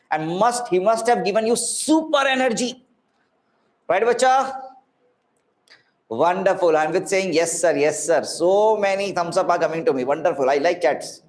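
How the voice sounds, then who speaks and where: A man in his thirties with an Indian accent teaching a live online physics class, chatty and encouraging, mixing Hindi words into his English. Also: high voice. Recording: echoey room.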